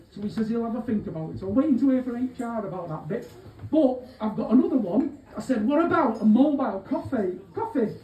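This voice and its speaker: A man's voice: very high voice, warm tone, a little hiss or hum. Man doing a cheeky crook. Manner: rambling, cheeky, swearing, lots of asides. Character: aging small-time male Manchester thief, cheeky. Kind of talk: live stand-up character monologue. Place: pub gig venue. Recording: echoey room, distant mic, faint hubbub.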